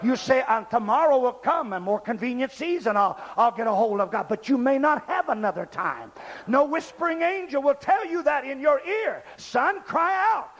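A male preacher giving a fiery revival sermon in a church service, shouting and then dropping to low, quiet passages. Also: in a large hall. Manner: shouting, dramatic swings from loud cries to low quiet passages.

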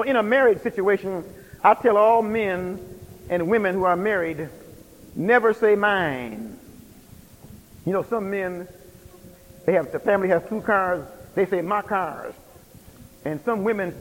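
A man preaching a sermon with emphatic, rhythmic delivery and repeated phrases. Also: high voice. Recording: long hall reverb.

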